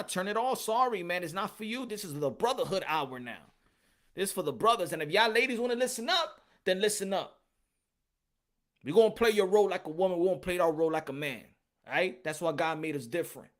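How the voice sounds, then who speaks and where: High-voiced man ranting emphatically. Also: lively intonation, brisk. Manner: emphatic and repetitive, slips into Spanish. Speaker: podcast host. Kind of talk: casual rant.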